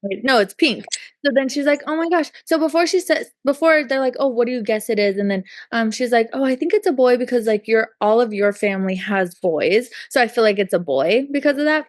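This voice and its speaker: Woman podcast cohost, kinda high voice, dry close mic, rambly storytelling full of likes and ums. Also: animated, fairly quick, no room sound. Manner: chatty storytelling, acts out quotes, many likes and ums. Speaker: podcast co-host. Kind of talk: casual chat.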